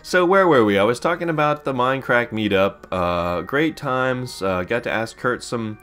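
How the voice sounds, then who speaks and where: A man's voice: mid-range voice, animated, normal speed, a bit bright. A man from Pittsburgh chatting casually and rambling upbeat while commentating his own space game playthrough. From Pittsburgh, USA. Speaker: let's play host. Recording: faint background music.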